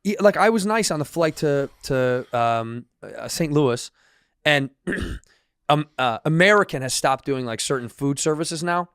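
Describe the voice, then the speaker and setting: A man's voice: fairly high pitch, clean tone, no echo, studio quality. A man co-hosting a podcast, telling stories in casual, swearing comedic chat. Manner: fast, swearing, animated storytelling. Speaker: podcast co-host.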